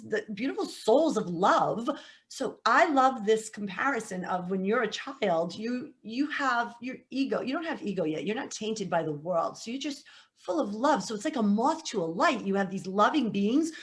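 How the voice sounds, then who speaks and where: Middle-aged woman, podcast guest, chatty storyteller with a lively, high, swinging voice. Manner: animated, laughing, acts out quotes. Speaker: psychic medium guest.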